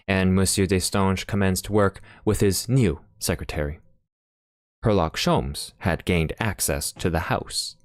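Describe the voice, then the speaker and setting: A deep-voiced man narrates an audiobook in a plain reading style, with the occasional filler and restart. The recording is dry and studio-clean.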